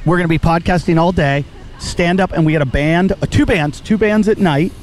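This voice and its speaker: A man with a slightly higher voice hosting a podcast, spinning crude stories with animated, profane energy. He talks into a studio mic, and a faint hum of noise sits behind him. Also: fairly quick. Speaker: podcast host. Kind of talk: crude casual podcast banter. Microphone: podcast microphone.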